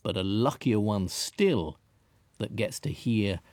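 A man from England, a writer narrating a scripted radio piece in a measured, reflective and wry way. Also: lowish voice, lively intonation, darkish tone, dry recording.

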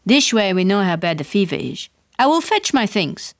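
Woman doing a brisk nurse mother. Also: medium pitch, sing-song, no room sound, clean studio sound. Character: brisk middle-aged Dutch mother, a nurse.

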